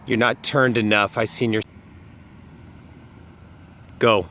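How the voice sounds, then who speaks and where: A man's voice: lowish voice, fairly even intonation, slow pace, sharp tone, slight background noise. A man hosting a ghost-hunting vlog outdoors in a cemetery at night, talking into a handheld camera mic. He exclaims often and keeps repeating short phrases. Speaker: vlog host.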